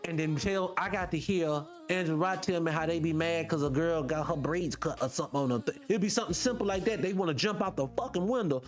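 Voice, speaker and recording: A man's voice: a little high, fast, hardly any pauses, soft background music. A man hosting a live online show, fired up and profane as he talks straight to his viewers. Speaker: show host. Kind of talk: livestream commentary rant.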